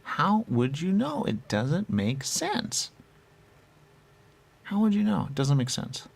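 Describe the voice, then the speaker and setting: A man telling a rambling improvised comic monologue, laughing often and swinging from shouting to muttering. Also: fairly high pitch, wildly swooping pitch, slow, creaky, breathy edge.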